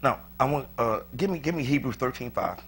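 Guy preaching in church, bright edgy voice, easygoing, laughs a lot, little hum underneath. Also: medium pitch, animated, a little fast. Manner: conversational, repeats words, chuckles often. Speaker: pastor. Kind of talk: sermon.

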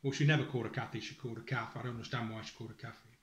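Rapid-fire delivery, fairly even intonation and a fairly bright mid-range tone mark this man's voice, heard with reverb. He's a distressed father appealing emotionally to his family on camera, swearing, angrily accusing, cutting off sentences and reading from a school report.

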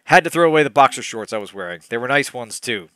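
A man's voice: mid-range voice, lively intonation, fast talker, fairly bright tone, clean tone, dry recording, close to an everyday voice. A man reading aloud as a brash young rich male tech mogul, in an offhand, cocky tone.

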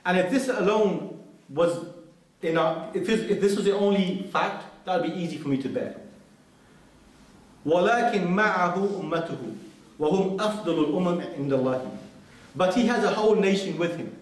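A man's voice: high voice, fairly quick. A man giving an earnest mosque lecture, telling a story and reciting Arabic quotations. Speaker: preacher. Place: large mosque hall. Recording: very echoey hall, speaker far from mic.

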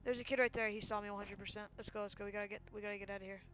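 A man streaming a survival game and chatting casually over voice chat, quick and excitable, jumping between thoughts. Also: high voice, soft background music.

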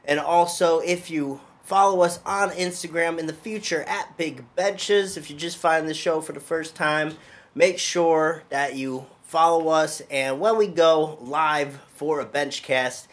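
A man's voice: a little high, steady tone, a little slow, a bit bright. Upbeat man hosting a lifting podcast. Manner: upbeat, conversational, loose. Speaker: podcast host and strength coach. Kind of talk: casual podcast chat.

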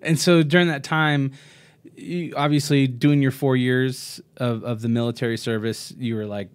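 A man's voice: medium pitch, steady tone, moderate pace, clear, resonant tone. A man hosting a podcast interview, asking friendly, rambling questions and laughing along. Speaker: podcast host. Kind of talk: casual interview chat.

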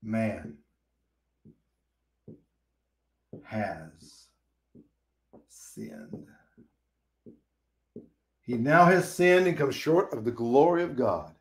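A man's voice: a little high, lively intonation, moderate pace, hardly any pauses. A man teaching a Bible study in a folksy, preachy way, acting out quoted dialogue.

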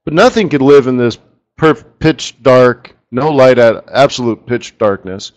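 Middle-aged man, webinar host, unhurried, rambling and chatty, mid-pitched. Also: highs cut off. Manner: rambling and chatty, with asides about his screen tools. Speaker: forex market strategist hosting a live webinar. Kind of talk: casual live trading webinar.

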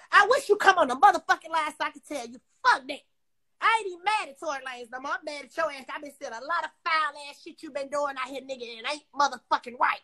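A woman's voice: extremely high pitch, pushed and bright. A woman ranting angrily on a livestream into her phone, confrontational and heavily profane. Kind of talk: angry livestream rant.

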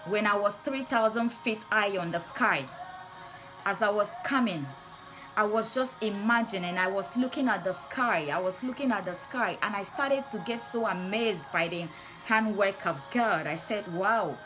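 A woman's voice: medium pitch, moderate pace. A woman preaching and praying on a livestream, with fervent, repetitive declarations. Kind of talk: livestream sermon and prayer. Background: soft music.

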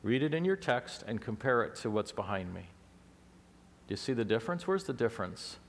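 A man's voice: medium pitch, sing-song, fairly quick, gravelly, in a large hall. A man preaching a teaching sermon to a congregation, explaining things step by step and asking them questions. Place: church sanctuary.

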